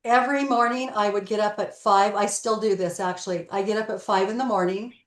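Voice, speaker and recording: With a mid-range voice and a fairly quick pace, this woman tells stories in an interview, the sound reverberant. She's a guest who works as a real estate broker, and she animatedly plays out the dialogue.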